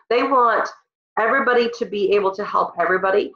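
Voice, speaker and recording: Speaking quickly in a medium, slightly bright voice, this team leader rallies her staff over a call with heartfelt, emotional encouragement despite being stuffed up from a cold. Her phone or computer captures roomy, dull, lo-fi sound.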